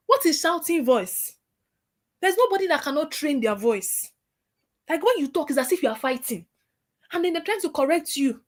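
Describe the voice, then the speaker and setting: A woman giving a workshop lecture to trainees in a lively, scolding way. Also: sits high, moderate pace. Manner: lively, scolding, acts out caller voices.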